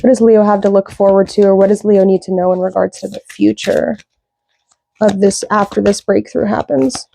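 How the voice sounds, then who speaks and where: A woman giving a casual tarot reading, rambling with lots of fillers, slow when she reads out card meanings. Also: medium pitch, fairly even intonation, creaky, mellow, a little hiss or hum. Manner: rambling, loose, with many fillers. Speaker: tarot reader.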